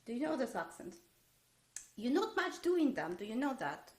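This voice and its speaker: A woman's voice: on the high side, very animated, moderate pace, a little mellow. A woman teaching a violin masterclass online. She hesitates with many fillers and sings musical phrases on syllables. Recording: roomy echo.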